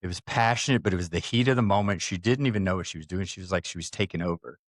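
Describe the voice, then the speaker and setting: A man with a fairly low voice co-hosts a casual podcast, telling a story with animated, acted-out quotes. His voice is recorded close and dry, with no room sound. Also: rapid-fire, no room sound. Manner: acts out quoted voices, takes firm stances. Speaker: podcast co-host.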